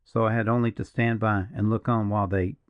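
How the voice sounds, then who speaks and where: A man voicing a grave, brooding partisan officer in an audiobook, speaking slowly and in a measured, mournful way. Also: fairly low pitch, flat delivery, no room sound, phone-quality sound, lightly acted. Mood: grim. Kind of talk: audiobook character reading.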